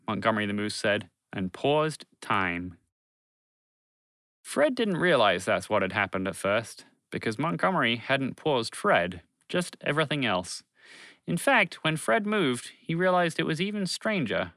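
Man, storyteller, expressive reading, lively pitch, dry close sound. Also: a little slow, no room sound. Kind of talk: children's story narration.

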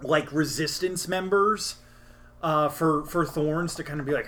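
A man's voice: fairly high pitch, a little slow, a bit bright. Rambling young man recapping a game. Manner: rambling, many fillers and restarts. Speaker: podcast host recapping a game session. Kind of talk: casual storytelling recap.

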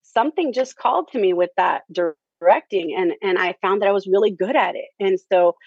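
A woman's voice: mid-range voice, brisk, gravelly, breathy edge, dry recording. A woman telling her story in a chatty, conversational way, often leaning on "you know" and "um". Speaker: theater director, interview guest. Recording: dull lo-fi, dry.

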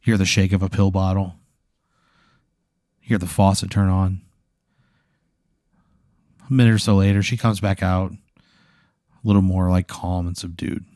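A man's voice: deep voice, level tone, moderate pace, long pauses, mellow, no room sound, studio quality. A man hosting a show, casually narrating a suspenseful hypothetical scene and building tension with sound details. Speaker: host running a hypothetical scenario. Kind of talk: casual improvised storytelling.

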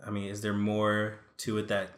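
A man's voice: fairly low pitch, completely flat delivery, moderate pace. Rambling man in an echoey room. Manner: rambling, many fillers and restarts. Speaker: podcast co-host. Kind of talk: casual chat reviewing old cartoons.

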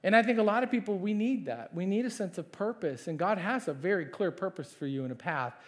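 A man preaching a sermon as pastor, conversational and animated, asking the congregation questions and acting out biblical characters. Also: sits high, fairly quick. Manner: animated, acts out voices of Moses and God.

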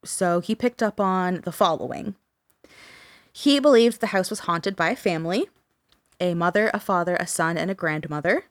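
Podcast co-host, woman, lowish voice, casual storyteller, dry close sound. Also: moderate pace, no room sound. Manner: casual, swears, many fillers like "like" and "um".

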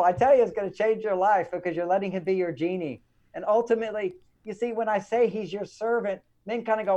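A man who writes relationship books talks as a guest in a relaxed interview. He chimes in eagerly and stresses his points with enthusiasm. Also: high voice, gravelly, muffled recording. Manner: enthusiastic, emphatic, quick to agree. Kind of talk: casual conversational interview.

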